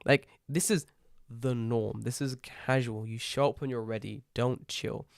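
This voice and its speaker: A young man, co-hosting a casual podcast, telling animated stories and swearing freely. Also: medium pitch, measured pace, vocal fry, no room sound, clean studio sound. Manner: lively storyteller, swears freely, impersonates friends. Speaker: podcast co-host.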